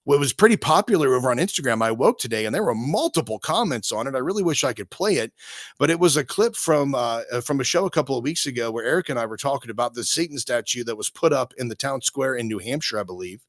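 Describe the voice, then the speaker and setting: A man's voice: mid-range voice, quick pace, no echo, clean studio sound. A man co-hosting a casual talk show, rambling through opinions with many restarts. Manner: rambling, frequent restarts and fillers, animated. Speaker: podcast co-host.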